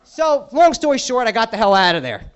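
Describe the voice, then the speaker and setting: A man's voice: very high voice, very animated, a little fast, clean tone, lo-fi sound. A male stand-up comedian on a club stage, ranting crudely and sarcastically through an exasperated set.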